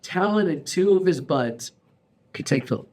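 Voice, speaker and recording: A man in his forties hosting a casual podcast chat, telling stories in an animated, slangy way and calling people bro and dude. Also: high-pitched, a little slow. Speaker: podcast host.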